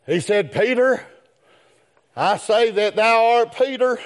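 A man delivers a sermon in a chanted, whooping style, moving between rapid, quiet asides and long, shouted phrases. His speech is folksy, he calls out to "brethren," and he sounds expressive.

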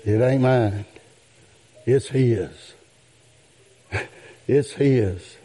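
Slow, dark-voiced preacher man. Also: mid-range voice. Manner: drawn-out, preachy cadence with rising outbursts; calls out "my friend" and "yes, sir". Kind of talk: sermon.

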